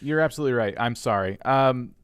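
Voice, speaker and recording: A man's voice: mid-range voice, fast, clean tone, no echo. A man co-hosting a livestream channel review, talking casually and teasing playfully. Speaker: co-host reviewer.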